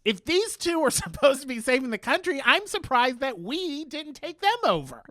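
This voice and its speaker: A man co-hosting a podcast, recapping a TV episode in casual chat, animated and full of playful quoted voices. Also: extremely high pitch, moderate pace, dry recording, clean studio sound. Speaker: podcast co-host.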